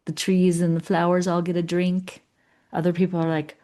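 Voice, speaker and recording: A middle-aged woman with a slightly low voice, giving a coaching session. She talks in an earnest, chatty way and slips into the voices of her clients as she goes. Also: completely flat delivery, moderate pace, dark tone. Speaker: leadership coach.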